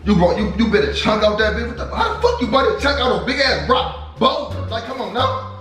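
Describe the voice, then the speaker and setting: A man's voice: extremely high pitch, fast talker, a bit bright. A man ranting in a prank vlog, profane, stuttering and repeating himself. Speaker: vlogger, husband. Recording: echoey room, mic at a distance, music under it.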